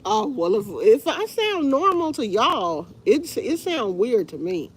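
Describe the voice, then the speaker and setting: Slow-talking stuffy-nosed woman. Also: a little high, very animated, slightly rough. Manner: rambling, tired and fed up. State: congested, stuffy nose. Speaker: livestream host. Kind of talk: casual live chat with viewers.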